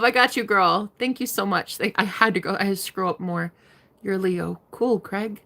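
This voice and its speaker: A woman's voice: mid-range voice, steady tone, normal speed, vocal fry, sharp tone. A young woman giving live-stream tarot readings, chatting casually, swearing freely and laughing often. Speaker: tarot reader.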